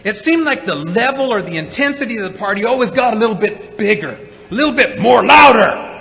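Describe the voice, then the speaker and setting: A man speaking at a recovery meeting, telling his story to an audience in an animated way, acting out the voices of the people in it. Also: extremely high pitch, normal speed, gravelly. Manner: animated storyteller, acts out quotes, many repeated 'and's. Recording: dull recording in a hall with reverb.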